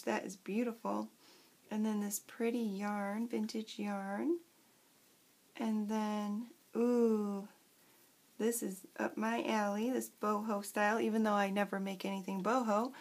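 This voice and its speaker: A woman vlogger chatting casually as she unboxes craft supplies, gushing and excitable. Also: mid-range voice, measured pace.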